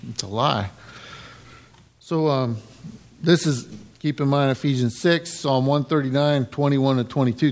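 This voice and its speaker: Man, middle-aged, pastor, casual sermon, gravelly voice, talks to the congregation. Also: medium pitch, measured pace, pauses often, darkish tone. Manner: conversational, asks the congregation "right?" often.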